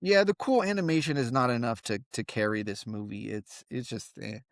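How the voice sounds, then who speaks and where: A man's voice: medium pitch, fairly quick, no echo, studio quality. A man co-hosting a podcast, making blunt wisecracks in casual chat about movies. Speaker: podcast co-host.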